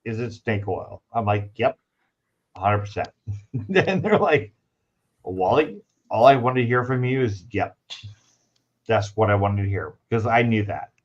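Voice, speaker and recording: A man hosting a podcast in casual chat, telling stories with lively acted-out quotes. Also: fairly low pitch, measured pace, pauses often. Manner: animated storyteller, acts out quoted dialogue. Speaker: podcast host. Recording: dull lo-fi sound.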